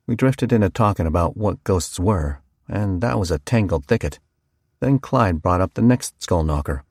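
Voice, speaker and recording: A man's voice: sits low, animated, moderate pace, darkish tone, no echo, clean studio sound. A man narrating a first-person horror audiobook in a folksy storytelling manner.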